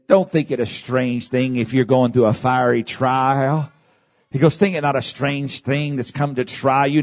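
A male pastor delivering a sermon, calling out to the congregation and rising to shouts at the peaks. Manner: preaching with big swings in pitch, shouting at peaks; addresses congregation with calls of amen.

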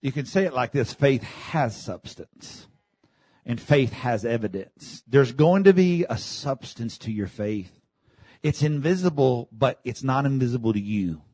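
A man preaching a sermon, dropping to low murmurs and rising to shouted peaks, leading the congregation in call and response. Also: animated, unhurried, slightly rough, no echo. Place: church.

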